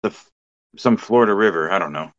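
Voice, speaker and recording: A man's voice: low voice, quick pace, no room sound, lo-fi sound. A man joining a casual podcast stream as a guest, crude, blunt and joking.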